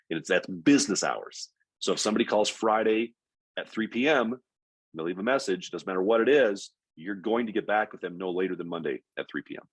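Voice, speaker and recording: A man's voice: low voice, breathy edge, no room sound. A man giving a motivational business talk, telling stories and acting out the people he quotes. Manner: storytelling, acts out quoted callers. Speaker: speaker at a business session.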